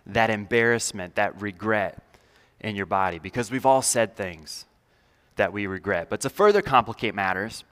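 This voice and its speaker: Bright-voiced man preaching in a hall. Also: lowish voice, normal speed. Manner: conversational, with fillers and self-deprecating humor. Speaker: pastor. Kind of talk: sermon. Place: large church hall.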